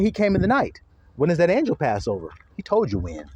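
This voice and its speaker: A fiery, profane male preacher with a lively voice that leaps from low, gruff asides to high, mocking squeals. He reads scripture slowly and deliberately in a fairly high voice, captured close and dry with almost no room sound. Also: no echo. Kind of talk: fiery sermon with scripture reading.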